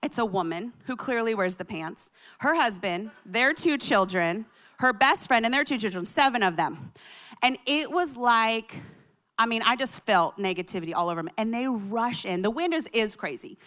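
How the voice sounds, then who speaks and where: A woman in her thirties from Colorado spins a comic personal story with animated, chatty energy. Her voice is high and bright, with a sharp, lively edge. She acts out every quoted line along the way. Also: normal speed. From Colorado, USA.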